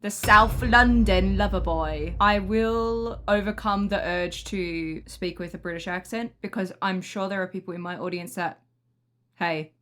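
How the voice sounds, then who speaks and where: Young woman, music reaction host, excitable, gushing, laughs a lot. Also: medium pitch, measured pace. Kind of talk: casual reaction commentary.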